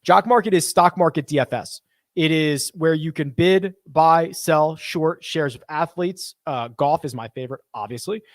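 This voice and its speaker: A young man with a somewhat high voice talks through viewer questions on a live stream, musing aloud as he goes. His voice sits close and dry, with no room sound around it. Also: normal speed, no echo. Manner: chatty, thinks aloud, reads viewer questions. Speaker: host. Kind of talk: casual live-stream chat.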